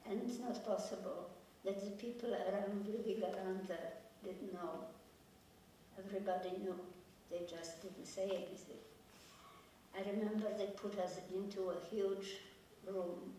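An older woman from Poland giving a personal survivor's testimony, speaking quietly and gravely, pausing and repeating her phrases. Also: mid-range voice, steady tone, slight background noise. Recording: very echoey room, voice from far off.

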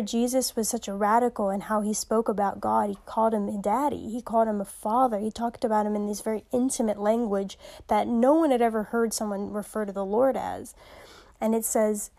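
A woman hosting a podcast, teaching from scripture in a casual, animated way, reading passages aloud and laughing often. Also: on the high side.

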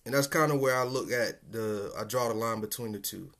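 A man's voice: lowish voice, fairly quick, a bit bright. Laid-back slangy man podcasting. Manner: laid-back, slangy and profane, chuckling often. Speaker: podcast host. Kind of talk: casual solo podcast monologue.

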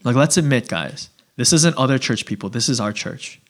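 A male pastor preaching a sermon in a relaxed, conversational way, acting out little voices and asides. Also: medium pitch, normal speed. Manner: conversational, animated, acts out voices.

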